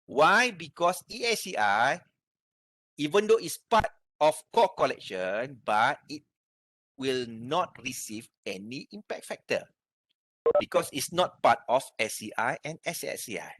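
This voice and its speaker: Lively Malaysian-accented male lecturer. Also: medium pitch, unhurried, no room sound. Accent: Malaysian English. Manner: explains step by step, asks the class if they have questions. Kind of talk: university lecture on research methods.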